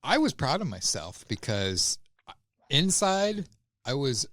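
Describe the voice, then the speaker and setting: A man co-hosting a podcast, talking casually and haltingly with many restarts. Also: mid-range voice, sing-song, fairly bright tone, dry recording, studio quality. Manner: hesitant, with many fillers and restarts. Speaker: podcast co-host. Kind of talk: casual chat.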